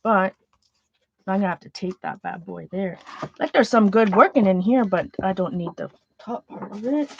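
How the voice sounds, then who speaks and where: A woman's voice: mid-range voice, normal speed, vocal fry, lo-fi sound, a little hiss or hum. A woman chatting casually as she sorts her art supplies, rambling, trailing off and restarting her sentences. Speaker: art journaling vlogger. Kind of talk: casual chat while sorting art supplies.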